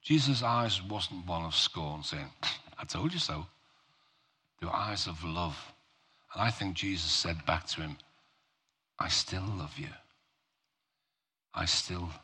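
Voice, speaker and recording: A male preacher giving a sermon, talking slowly and emphatically in a conversational way, with rhetorical questions to the congregation. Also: deep voice, bright, forceful tone.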